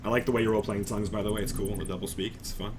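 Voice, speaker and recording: A man's voice: lowish voice, fairly even intonation, very fast, background noise. A man narrating as game master of a tabletop game in casual chat, often chuckling and restarting his sentences.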